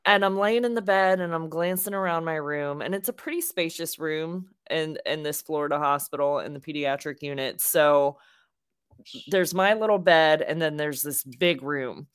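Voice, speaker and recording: A young adult woman co-hosts a casual podcast, telling a story with animated, acted-out quotes. Her voice sits low. The sound is dry and close. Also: moderate pace, clear, resonant tone, dry recording. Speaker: podcast co-host.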